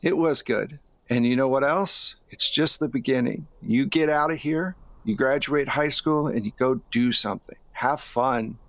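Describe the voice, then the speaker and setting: A warm, encouraging uncle, played by a man in a tabletop role-play, speaking gently and reassuringly. His voice has an ordinary middle pitch, close to everyday talk. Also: moderate pace, a little hiss or hum, lightly acted, poor audio. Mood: tender.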